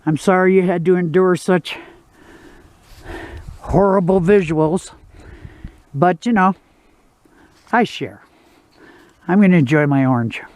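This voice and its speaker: An outdoor vlogger chats to the camera at a backcountry campsite, rambling and laid-back with plenty of fillers. His high-pitched, darkish voice is slow with long pauses, and there's no echo.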